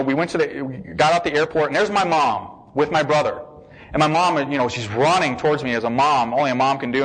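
An American man giving a personal testimony in a lively storytelling manner. He acts out the voices of the people he quotes and repeats words for emphasis. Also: mid-range voice, poor audio. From United States. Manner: emphatic repetition.

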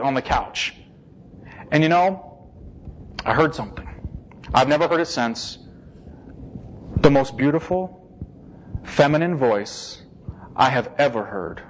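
A man giving an emotional personal testimony, shifting between hushed, slow passages and excited bursts. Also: fairly high pitch, low-quality recording.

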